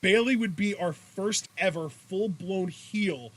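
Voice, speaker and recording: A man's voice: high voice, slow pace, a bit bright, slight background noise. A young man co-hosting a wrestling podcast, talking bluntly and heatedly with lots of swearing. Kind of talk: casual profane chat.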